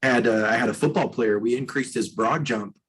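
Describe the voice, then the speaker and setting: A man's voice: medium pitch, brisk, a bit bright, a little hiss or hum, poor audio. A man, a strength coach guest on a podcast, talking bluntly and emphatically and swearing freely. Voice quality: husky. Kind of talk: podcast interview.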